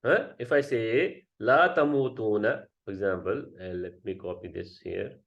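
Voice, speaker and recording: A man's voice: lowish voice, moderate pace, creaky. A man teaching a grammar class, explaining step by step and often checking with students. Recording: dull lo-fi sound.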